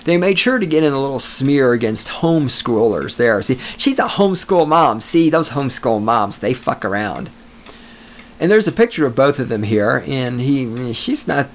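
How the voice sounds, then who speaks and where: A man's voice: medium pitch, very animated, moderate pace, slight background noise. A male podcast host reading news stories and mocking them with crude jokes, often breaking into laughter. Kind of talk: sarcastic news commentary.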